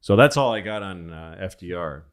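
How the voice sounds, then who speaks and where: A man's voice: low-pitched, lively intonation, normal speed, slight background noise. A man hosting a comedy podcast, telling rambling, profane history stories in a casual way.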